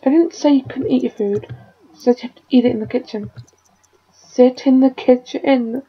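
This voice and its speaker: Playing a life-simulation game, the woman fusses over her characters like a parent, coaxing and scolding them in casual commentary for her gaming video. Her voice sits high and sounds husky, with a steady tone at normal speed, and the recording's highs are cut off.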